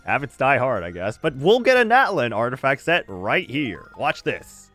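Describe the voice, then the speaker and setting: Casual streamer, male, mid pitch, chatty and expressive, laughs a lot; soft game music underneath. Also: measured pace. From United States. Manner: chatty, laughs often, animated reactions. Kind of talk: casual gameplay commentary.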